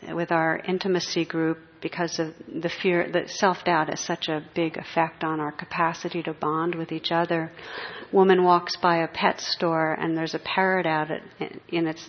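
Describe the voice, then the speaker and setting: A woman giving a spiritual talk as a meditation teacher, speaking gently and reflectively with pauses. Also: deep voice. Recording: dull muffled recording.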